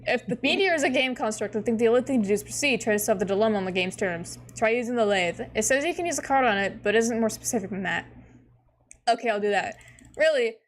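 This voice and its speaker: A woman hosting a casual read-through of a webcomic, giggly and excitable, swearing freely. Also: fairly high pitch, quick pace, a little hiss or hum. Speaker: host reading a webcomic aloud. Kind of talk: casual reading and commentary.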